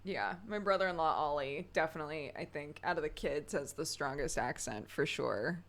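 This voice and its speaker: A woman's voice: deep voice, moderate pace. A woman streaming a game, chatting casually with viewers in a rambling way and laughing often. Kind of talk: casual chat with viewers while gaming.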